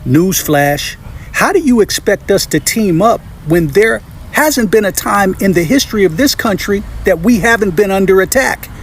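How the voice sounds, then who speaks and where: A man's voice: high-pitched, lively intonation, moderate pace, a little hiss or hum. A man telling a true story in a matter-of-fact, pointed way. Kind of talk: storytelling monologue.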